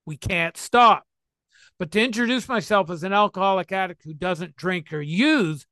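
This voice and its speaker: A man's voice: high voice, fairly bright tone, no room sound, studio quality. A man in his sixties talking to listeners about recovery in a playful, emphatic way. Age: 60s. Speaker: recovery speaker.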